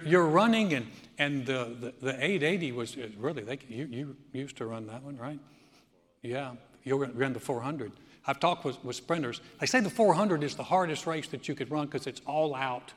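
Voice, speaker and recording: A man in his sixties preaching a sermon, telling stories with laughs and frequent restarts. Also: a little high. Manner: animated storytelling with laughs and restarts. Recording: long hall reverb.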